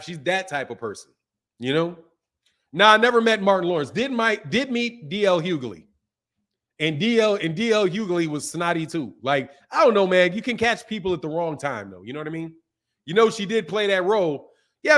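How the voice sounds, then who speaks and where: Male boxing-channel host, high voice, loose slangy storyteller. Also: a bit bright. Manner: loose, storytelling, lots of "man" and "bro". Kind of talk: casual live-stream chat.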